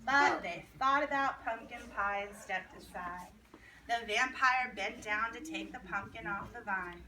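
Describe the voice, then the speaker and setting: A woman's voice: mid-range voice, a little slow. A woman reading a picture book aloud to children, with a rhythmic, singsong delivery. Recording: echoey room, distant mic, background noise.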